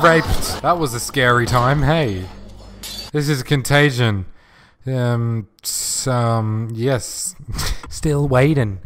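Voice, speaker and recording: A young man commentating a zombie game as he plays, excitable, joking and swearing. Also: mid-range voice, measured pace, faint music behind. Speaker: gamer playing online. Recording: noisy game audio.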